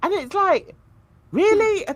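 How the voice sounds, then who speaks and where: Brief: woman with a high voice, dismissive and exasperated, lively pitch. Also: slow pace, no echo.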